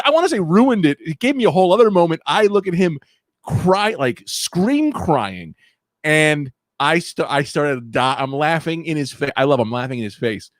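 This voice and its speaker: A man hosting his podcast in casual chat, loud and profane, swinging between hyped shouting and low mumbling. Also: dry recording, studio quality. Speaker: podcast host.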